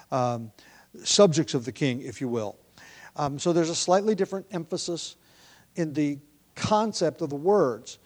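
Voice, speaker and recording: A man preaching a sermon as pastor, thinking aloud with frequent fillers and restarts. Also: on the high side. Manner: prays in a hushed, quieter voice.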